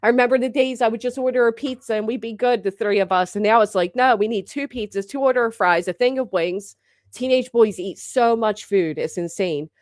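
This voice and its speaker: A woman's voice: on the high side, a little fast, dry recording, studio quality. A woman in her thirties hosting a livestream, bantering casually with her chat in a brash, teasing way and swearing freely. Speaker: livestream host.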